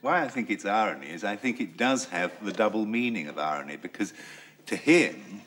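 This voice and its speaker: A man's voice: fairly low pitch, lively intonation, brisk, fairly bright tone, husky. A middle-aged man with a precise, persistent way of explaining, leading an acting masterclass. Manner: precise, persistent, insists on his point. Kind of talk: explanatory, probing coaching.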